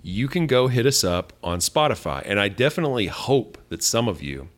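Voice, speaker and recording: Deep-voiced dry young man. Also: very animated, moderate pace. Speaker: podcast co-host. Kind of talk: casual chat.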